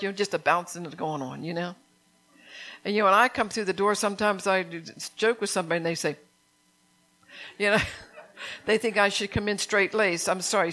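A woman's voice: mid-range voice, fairly bright tone. A woman preaching a sermon in a conversational, fervent way, often checking in with her congregation.

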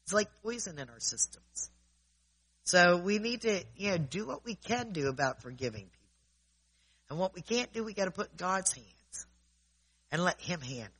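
High, bright-voiced man preaching casually. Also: very animated, normal speed, pauses often, slightly rough, rough recording. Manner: conversational, often checks in with listeners. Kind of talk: informal preaching.

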